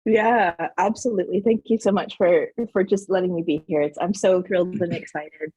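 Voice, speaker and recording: A middle-aged woman from Southern New Mexico, a podcast guest telling family stories in a lively, laughing way full of "like". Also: fairly low pitch, normal speed, breathy edge, no echo. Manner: animated, laughing, many "like" fillers. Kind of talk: casual storytelling interview.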